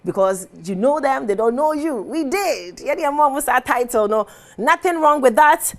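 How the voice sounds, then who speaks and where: A woman's voice: sits high, expressive, normal speed. A woman with a Ghanaian accent hosting a TV entertainment segment, chatting animatedly and laughing as she switches languages. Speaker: TV show host. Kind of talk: casual entertainment commentary. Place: TV studio.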